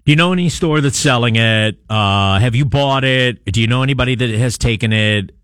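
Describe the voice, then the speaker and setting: A man's voice: medium pitch, a little fast, fairly bright tone, no echo, studio quality. A man hosting a talk radio show, reading a news story and taking texts with wry, chatty asides. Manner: conversational, wry asides, frequent uh fillers. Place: radio studio. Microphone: studio microphone.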